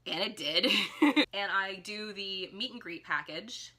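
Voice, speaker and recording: A woman's voice: mid-range voice, unhurried. A woman telling a rambling, casual storytime in a vlog, filling her talk with "like" and acting out quoted voices. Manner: rambling, heavy use of "like", animated quoted voices. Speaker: vlogger. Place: indoors at home, ring light.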